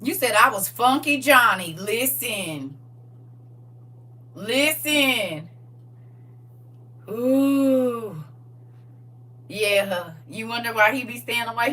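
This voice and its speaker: A woman hosting a livestream, talking in a casual, preachy, comic way, animated, laughing and teasing. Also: a little high, slow pace, pauses often, far from the mic. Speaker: livestream host.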